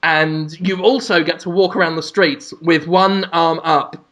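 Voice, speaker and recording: A man's voice: a little high, fairly even intonation, measured pace, a bit bright. A man co-hosting a comedic podcast, laying out absurd mock-grand schemes with a straight face. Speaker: podcast co-host.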